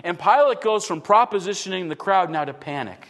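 High-voiced preacher in a big reverberant hall. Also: male voice, expressive, a little fast, fairly bright tone. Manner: vivid, rhetorical questions to the congregation. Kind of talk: expository sermon. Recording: long reverb in a large hall.

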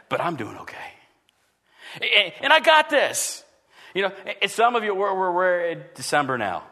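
A man preaching a sermon to his congregation, earnest, often dropping his voice low when he voices what people think. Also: fairly bright tone. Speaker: pastor.

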